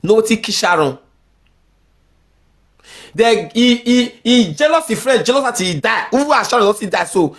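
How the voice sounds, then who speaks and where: A woman's voice: fairly high pitch, expressive, normal speed, long pauses. A woman with a Nigerian accent ranting angrily in heated social media commentary. She repeats herself often and mixes pidgin with English.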